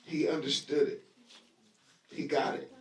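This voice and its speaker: A man teaching a Bible lesson to a live audience in a lively sermon style, talking conversationally, acting out scenes, and leading call-and-response. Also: a little high, a little slow. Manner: conversational, acts out scenes with voices. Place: room at a live gathering. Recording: echoey live room audio, voice distant.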